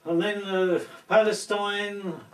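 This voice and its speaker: A boastful, pompous aristocrat, acted by a man in an amateur comedy sketch. He speaks slowly and proudly in a high voice. The recording is echoey and distant from the mic. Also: steady tone. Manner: haughty, slow and proud. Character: pompous boastful old English lord, imperial nostalgic. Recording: echoey room, voice from far off.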